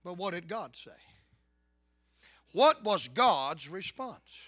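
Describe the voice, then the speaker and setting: A man preaching a fervent revival sermon, bursting into loud shouts. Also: high-pitched, big pitch swings, slow, long pauses, no echo, clean studio sound.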